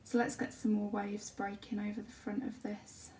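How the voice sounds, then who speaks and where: A woman chatting casually during a livestream as she colours, often dropping to a soft murmur. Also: medium pitch, completely flat delivery, normal speed. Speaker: colouring channel host. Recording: distant mic with faint background hiss.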